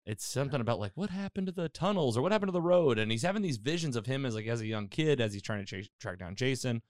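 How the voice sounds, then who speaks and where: A man's voice: mid-range voice, fast, no echo, studio quality. A man hosting a casual chat, retelling a TV episode with lots of fillers and acted-out quotes. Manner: animated storytelling, acting out quotes, many fillers. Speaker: podcast host recapping a TV episode.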